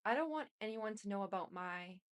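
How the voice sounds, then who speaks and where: A woman's voice: mid-range voice, expressive, brisk, lightly acted. A woman reading out the lines of a manipulative, pleading man in her own voice. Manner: read out plainly in her own voice.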